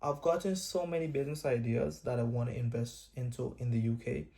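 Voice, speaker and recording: A man in his twenties telling his own life story in a vlog, speaking in a measured, reflective way with pauses. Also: mid-range voice, fairly even intonation, creaky, dark tone. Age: 20s. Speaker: vlogger. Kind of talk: personal storytime monologue.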